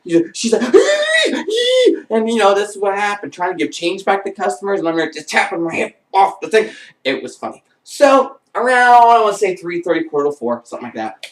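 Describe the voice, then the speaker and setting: A man telling a comic anecdote in an animated way, breaking into squealing voices. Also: high-pitched, fast talker, recorded from a distance. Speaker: vlogger. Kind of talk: comedic storytelling. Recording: echoey room, voice off-mic.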